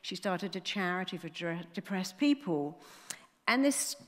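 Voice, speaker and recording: A middle-aged woman telling a story to an audience, animated and acting out the voices of the people she quotes. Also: lowish voice, unhurried, long reverb tail. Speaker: speaker telling a client story.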